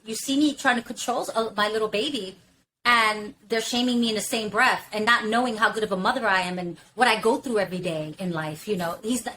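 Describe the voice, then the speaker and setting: The audio is rough, with a little hiss or hum, as a woman chats on a podcast in a brisk, pushed, bright voice of medium pitch. She is candid and emphatic, curses freely, and keeps reaching for "literally" and "you know what I'm saying."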